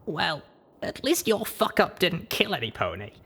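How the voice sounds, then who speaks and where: A man's voice: high voice, sing-song, normal speed, vocal fry, a bit bright, husky, voice pushed up, exaggerated voice. A man voicing a tough, battered young female pony in an audiobook reading, blunt and profane, exhausted and breathless. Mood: wry comfort.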